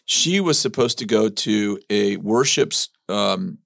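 A man's voice: on the low side, animated, slow, vocal fry, fairly bright tone, no room sound, clean studio sound. A middle-aged man telling a personal story in a casual chat, animatedly acting out quotes with many restarts. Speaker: ministry leader telling his story.

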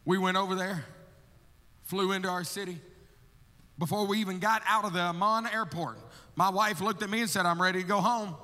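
High bright-voiced man preaching in a hall. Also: moderate pace, long pauses. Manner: animated storyteller, acting out his own prayers and talks; calls listeners brother, laughs between stories. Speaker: guest missionary preacher. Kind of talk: storytelling sermon testimony. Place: church sanctuary. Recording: long hall reverb from a church.

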